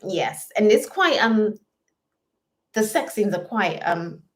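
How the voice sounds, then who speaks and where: A woman's voice: medium pitch, expressive, slow pace. A British woman co-hosting a live chat stream, chatty and reading out viewer comments. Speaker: livestream co-host.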